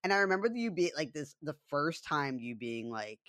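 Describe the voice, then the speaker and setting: A young man co-hosting a podcast, telling stories in an animated, profane way with frequent laughter. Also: fairly high pitch, normal speed, dry recording, clean studio sound. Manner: animated storytelling, swearing, laughing often. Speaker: podcast co-host. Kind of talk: casual chat.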